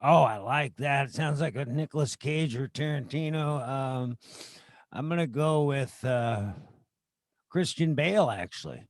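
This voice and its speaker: A man co-hosting a casual chat over a video call. He guesses movie quotes, chatty and quick to laugh. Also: medium pitch, dry recording, studio quality. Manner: chatty, laughs between lines. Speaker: co-host.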